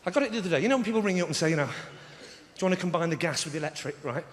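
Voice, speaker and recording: A man's voice: a little high, lively intonation, very fast. A man with an English accent doing a sarcastic stand-up routine on a theatre stage, acting out a phone call with a salesman. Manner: sarcastic, storytelling with acted-out phone dialogue. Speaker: stand-up comedian. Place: large theatre stage with live audience. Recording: echoey theatre hall, loud ambience.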